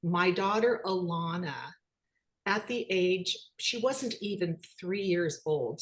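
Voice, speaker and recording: Middle-aged woman, storytelling talk, slow unhurried pace, animated voice when quoting others. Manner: animated, acts out quoted dialogue with rising pitch. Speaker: speaker, children's book author.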